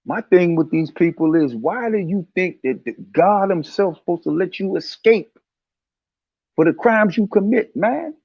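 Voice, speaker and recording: A man's voice: high voice, lively intonation, a little slow, gravelly, husky, dry recording. Heated preachy man, dull lo-fi sound. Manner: heated, preachy, repeats himself. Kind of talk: casual religious commentary.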